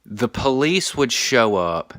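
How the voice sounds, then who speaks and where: A young adult man hosting a podcast, telling a story in a casual comedic monologue, animated and crude. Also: medium pitch, slow pace, no echo, studio quality. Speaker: podcast host.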